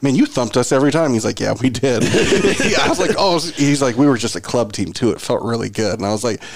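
A man's voice: mid-range voice, a little fast, slight background noise. A man on a sports podcast, telling a travel story in casual chat and acting out both sides of the conversation. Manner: animated storyteller, acts out dialogue. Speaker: podcast regular.

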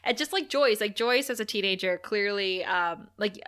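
Bright, chatty woman. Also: mid-range voice, moderate pace. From Canada. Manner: chatty, animated, laughs a lot, many likes. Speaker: podcast co-host. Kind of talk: casual chat recapping a TV episode.

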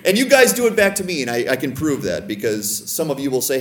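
A man preaching a sermon as pastor, playful and teasing with gentle humor. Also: mid-range voice, very animated, fast talker. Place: church sanctuary. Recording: echoey church room.

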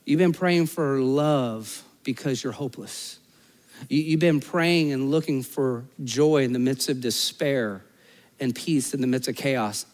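A man pastor preaching a sermon, telling stories and acting out the people in them, rising high in the anecdotes and dropping soft in the appeals. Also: a little slow, big-room sound. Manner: storytelling, voices characters in anecdotes; animated, rises high and loud in stories, drops low and soft for appeals.

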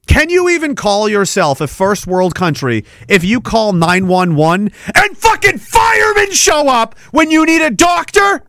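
A man's voice: extremely high pitch, big pitch swings, a little slow, few pauses, fairly bright tone, no echo, clean studio sound. A man from Canada hosting a livestream, ranting angrily and sarcastically and reading viewer comments. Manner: angry, sarcastic, profane ranting. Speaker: livestream host reading chat.

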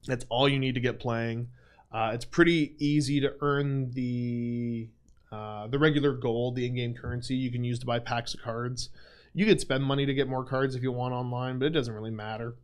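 A man's voice: medium pitch, steady tone, normal speed, clear, resonant tone. Young male stream host, casual Q&A, self-deprecating, filler-heavy. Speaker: livestream host. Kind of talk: casual livestream Q&A chat.

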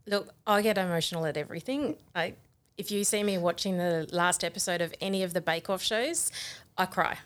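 A woman speaks as a guest in a studio interview. Her voice sits a little low, and she sounds upbeat and encouraging. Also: fairly quick.

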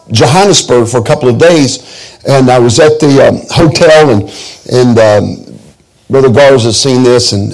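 Gravelly pastor telling folksy stories. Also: male voice, mid-range voice, a little mellow, poor audio. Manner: folksy, joking storytelling with many restarts. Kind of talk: sermon.

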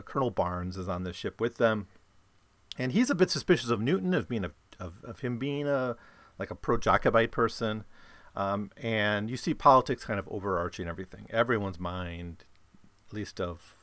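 A man's voice: fairly low pitch, a bit bright, no echo. A man casually summing up and discussing a novel, rambling with many fillers and restarts. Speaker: book discussion host. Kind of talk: casual book summary talk.

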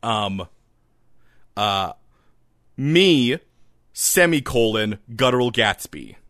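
A man co-hosting a podcast, chatting casually at a middle pitch. He rambles, laughs often and restarts his sentences. His voice is close and dry, with no room sound. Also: lively intonation, very slow, a bit bright, no room sound. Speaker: podcast co-host. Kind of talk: casual chat.

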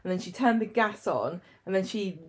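A woman's voice: mid-range voice, normal speed. Chatty woman retelling a story. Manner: chatty, enthusiastic, animated retelling. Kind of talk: casual chat.

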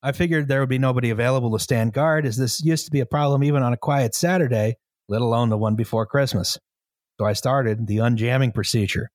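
A man reading a story aloud to a co-host in a measured, steady way, now and then breaking into laughter. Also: mid-range voice, dry recording, clean studio sound. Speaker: story reader.

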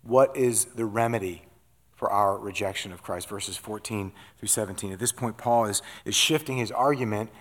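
A man's voice: lowish voice, normal speed, a bit bright. A pastor preaching a sermon in a conversational way, often checking in with his listeners by asking "right?".

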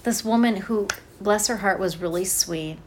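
A woman in her thirties co-hosting a podcast, chatting and telling stories in a gossipy, animated way. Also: mid-range voice, moderate pace, slight background noise. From Northern California. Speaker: podcast co-host. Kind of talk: casual chat.

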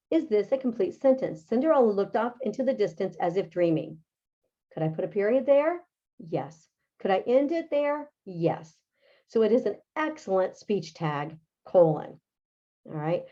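A woman's voice: mid-range voice, darkish tone. A woman teaching a writing and grammar lesson, explaining step by step in a chatty way, often checking in with "okay" and "right". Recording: dull lo-fi sound.

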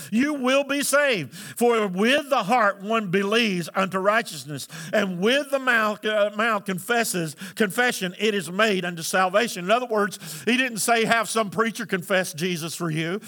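Male pastor, sermon, high voice, call-and-response. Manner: preaching with call-and-response, rising to shouts.

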